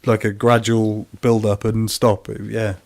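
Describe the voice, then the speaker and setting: A man's voice: on the low side, flat delivery, normal speed, gravelly, a little mellow. A man co-hosting a casual online show over a video call, chatty and teasing, often laughing. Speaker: co-host. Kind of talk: casual chat.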